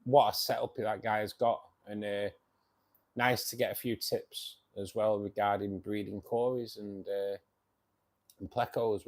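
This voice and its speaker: A tired man hosting a fishkeeping live stream, chatting casually, reading viewer comments and calling everyone mate. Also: lowish voice. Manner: chatty, says "mate" often, rambling restarts.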